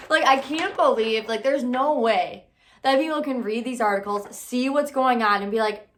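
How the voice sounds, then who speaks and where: A woman hosting her own podcast, giving casual, sarcastic commentary with lively, animated delivery. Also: fairly high pitch, moderate pace, a little hiss or hum. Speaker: podcast host.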